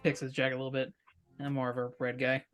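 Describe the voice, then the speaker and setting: A man's voice: mid-range voice, completely flat delivery, quick pace, a bit bright, faint music behind, lightly acted. A man voicing an awkward teenage boy superhero in a tabletop role-play, hesitant and stammering with a wry edge. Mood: flustered.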